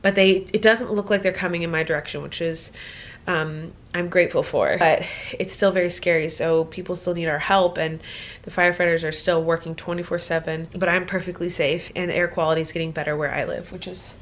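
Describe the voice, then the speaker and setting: A woman in her twenties in casual vlog chat from her home office, chatty and full of "like". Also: on the low side. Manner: chatty, filler-heavy with lots of "like". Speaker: vlogger.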